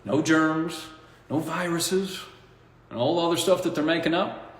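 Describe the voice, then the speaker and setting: A man talking in a casual, rambling monologue, animated and mocking, often breaking into laughter at his own points. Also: a little high, unhurried. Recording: echoey room with long reverb.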